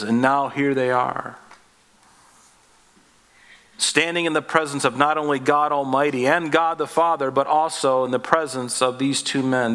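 Folksy, conversational male preacher. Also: a bit bright. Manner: folksy, jokey, rising in pitch and force on emphatic points. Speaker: pastor. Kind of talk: conversational sermon.

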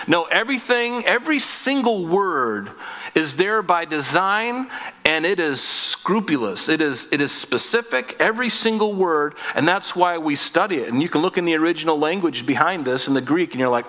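A man's voice: a little high, sharp tone, big-room sound. A male pastor preaching a sermon in an earnest, conversational way, often asking rhetorical questions.

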